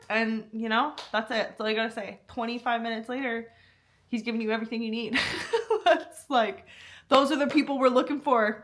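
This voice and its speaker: A woman's voice: fairly high pitch, a bit bright. A woman vlogger chatting casually, rambling with lots of fillers and frequent laughs. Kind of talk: casual chat.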